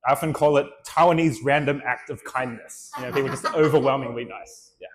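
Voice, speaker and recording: A man tells stories to a room in a loose, chatty way, full of "like" and "you know". His pitch sits in a mid range. He sounds easy-going and conversational rather than polished. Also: a little fast, a crowd in the background. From Australia. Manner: relaxed, chatty, with many fillers. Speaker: speaker and vlogger. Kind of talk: storytelling talk to an audience.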